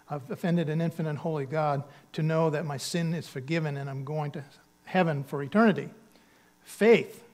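In a church sanctuary, a pastor delivers his sermon earnestly and conversationally, hitting key words with emphatic bursts. His voice is a little high with a darkish tone.

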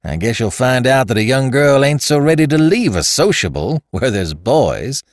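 A man's voice: mid-range voice, sing-song, moderate pace, no echo, clean studio sound, voice pushed up, close to an everyday voice. A man voicing a brusque, evasive country woman who answers shortly in rustic speech. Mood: curt.

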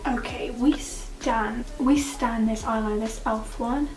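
A woman's voice: fairly high pitch, a little slow. Giggly young woman, airy echoey room. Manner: chatty, giggly and excitable. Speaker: makeup vlogger. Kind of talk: casual makeup vlog chat. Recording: roomy, distant mic with background music.

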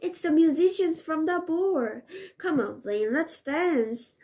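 A woman's voice: high voice, lively intonation, slow, darkish tone, voice pushed up, full character voice. A woman voicing a cheerful young princess in a storybook, speaking eagerly. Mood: delighted.

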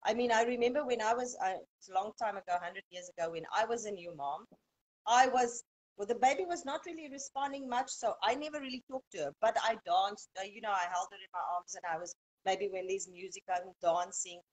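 A woman guest talking through parenting advice in an earnest, conversational way. She often restarts her sentences and corrects herself as she goes, at an average pitch for a woman. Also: brisk, rough recording. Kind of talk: conversational explaining.

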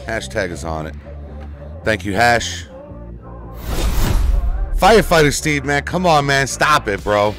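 A man chatting casually with viewers while he streams a racing game, excitable and prone to sudden shouts into his desk microphone. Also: mid-range voice, slow, long pauses, faint music behind. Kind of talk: casual live-stream chat.

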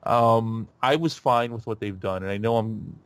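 A man hosting a podcast in a casual chat, rambling with lots of fillers and restarts and getting animated. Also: lowish voice, moderate pace, clean tone, dry recording. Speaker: podcast host.

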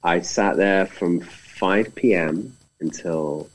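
A man's voice: sits low, takes it slowly, low-quality recording. A British man, a film director, telling stories in a casual conversation and acting out the quotes. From Britain. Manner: animated storyteller, acts out quotes.

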